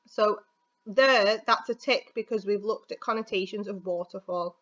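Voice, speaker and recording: At medium pitch and a moderate pace, a British English teacher with a slightly bright voice chats her way through an exam answer in a recorded video lesson. She's informal and thinks aloud with fillers; the recording is slightly dull and lo-fi.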